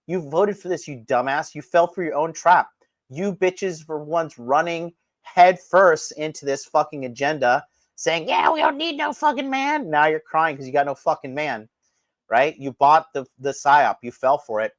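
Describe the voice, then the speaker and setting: A man hosting a live stream, ranting crudely and mockingly, his voice swinging from loud outbursts to low mutters. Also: normal speed, no echo. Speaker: livestream host. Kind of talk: crude provocative livestream rant.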